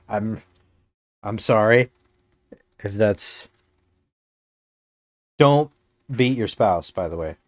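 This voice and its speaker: A man's voice: on the low side, expressive, drawn-out words, long pauses, no echo. A male game streamer chatting casually on a live stream, rambling with many fillers and slipping in dry jokes.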